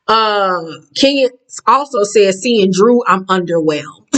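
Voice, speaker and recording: A woman recapping a reality show in blunt, profane, catty casual talk, jumping up in pitch as she acts out quotes. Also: expressive, takes it slowly, fairly bright tone, rough recording.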